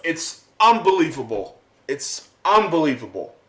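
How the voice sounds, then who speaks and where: A man ranting to camera as a vlogger, worked up and halting, repeating his words as he goes. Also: fairly high pitch, big pitch swings, echoey room, rough recording. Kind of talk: angry rant to camera.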